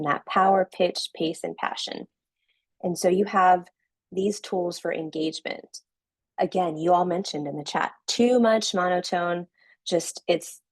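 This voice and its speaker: Female online instructor, husky tone, lecture delivery with frequent check-ins. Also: fairly low pitch, a little mellow, dry recording, poor audio. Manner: coaching, checks in with "right?". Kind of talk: virtual class lecture.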